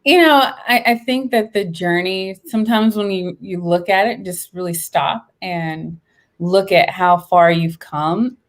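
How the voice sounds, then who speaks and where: A woman in her late thirties, a guest in an interview, talking in an animated, expressive and upbeat way. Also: lowish voice, a little slow. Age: 30s. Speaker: guest, veteran and entrepreneur. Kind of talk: casual interview chat.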